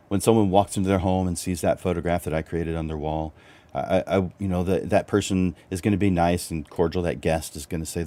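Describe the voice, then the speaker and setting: Deep-voiced, animated middle-aged man coaching. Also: brisk. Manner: animated, chuckling, swings up for emphasis. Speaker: host and photographer. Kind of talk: livestreamed business coaching talk.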